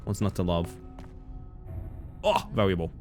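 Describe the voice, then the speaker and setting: A man's voice: low voice, lively intonation, a little slow, darkish tone, faint music behind. A man streaming live, chatting casually with viewers and reading their messages aloud, laughing often. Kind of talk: casual live-stream chat while gaming.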